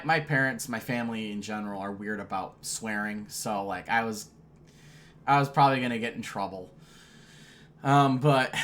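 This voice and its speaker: Young guy telling a school story, rambly, swears a lot, normal pitched voice. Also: fairly bright tone. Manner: rambling, frank and profane, with frequent restarts. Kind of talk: casual personal anecdote.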